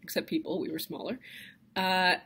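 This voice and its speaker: A woman's voice: lowish voice, fairly even intonation, normal speed, pushed and bright, breathy edge. A woman lecturing a class on cave art, speaking conversationally and enthusiastically with frequent fillers and restarts.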